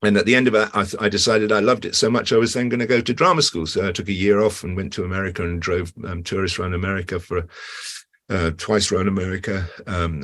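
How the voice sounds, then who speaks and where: Older british guy, really deep voice, rambly interview chat, lots of ums and restarts. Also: fairly bright tone. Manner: rambling storyteller with many restarts and fillers; acts out quoted voices with big pitch jumps. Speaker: guest actor.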